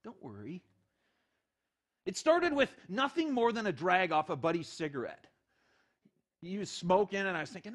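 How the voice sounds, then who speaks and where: A middle-aged man preaching with a lively, swooping delivery. His voice sits high for a man, and he tells the story with animated, acted-out quotes. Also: normal speed. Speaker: pastor. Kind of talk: sermon.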